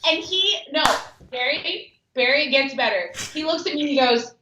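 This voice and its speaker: A woman's voice: high-pitched, lively intonation, very noisy. Woman, radio guest, casual chat, candid storyteller, roomy echo, dull lo-fi sound. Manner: candid, fast storytelling with "like" fillers. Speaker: radio show co-host, guest.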